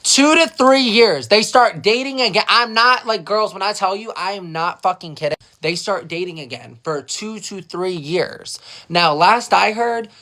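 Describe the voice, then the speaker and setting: A young man telling a story in a casual storytime vlog, animated and gossipy, swearing freely. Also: high voice, normal speed, few pauses.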